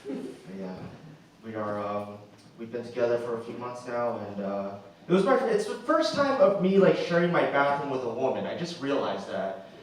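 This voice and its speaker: A young man doing a stand-up comedy set in a loose, chatty way, full of "like" fillers and voices for the people in his stories. His voice booms with a strong roomy echo and sounds set back from the mic. Faint noise sits under it. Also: big pitch swings, normal speed, recorded from a distance. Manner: conversational, acts out quoted voices, frequent "like" fillers. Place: theatre stage with audience laughing.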